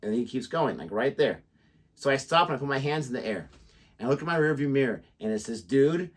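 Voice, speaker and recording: A man's voice: medium pitch, expressive, a little fast. A man co-hosting a reaction video, telling a rambling story in casual chat, with lots of "like". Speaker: co-host of a reaction channel.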